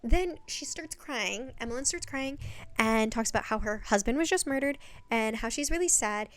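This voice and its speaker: Chatty young woman, slightly high voice. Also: expressive, moderate pace. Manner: chatty, swears, rhetorical questions. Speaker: video essayist. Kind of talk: casual recap monologue. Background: faint background music.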